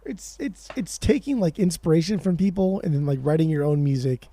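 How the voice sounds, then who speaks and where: A man co-hosting a music podcast, talking excitedly in casual chat and swearing often. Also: fairly high pitch, no room sound. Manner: excitable, swears a lot, fast bursts. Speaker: podcast co-host.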